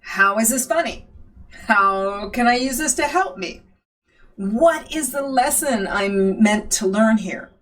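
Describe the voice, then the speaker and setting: A woman with a fairly high voice teaches a coaching technique. she calmly poses reflective questions and guides students toward a worksheet. she sounds set back from the microphone. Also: slow pace. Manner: calm, asks reflective questions. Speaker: NLP trainer. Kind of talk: instructional teaching. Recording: voice from a distance off the mic.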